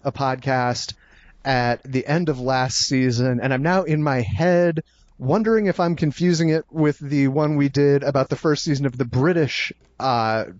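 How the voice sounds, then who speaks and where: A man's voice: mid-range voice, moderate pace, a little mellow, dull audio. A man hosting a casual podcast chat, rambling and apologetic, often tripping over his words. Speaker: podcast host.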